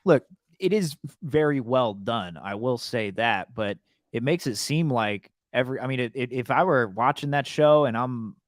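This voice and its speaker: Halting man chatting on a podcast. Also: medium pitch, animated, no room sound, studio quality. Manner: halting, repeats words while thinking. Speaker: podcast co-host. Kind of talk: casual chat.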